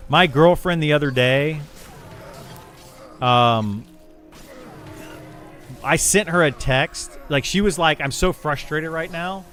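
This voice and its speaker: A man's voice: mid-range voice, a bit bright. A man streaming live, chatting casually and rambling, often repeating words and restarting sentences as he explains himself to his chat. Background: faint music.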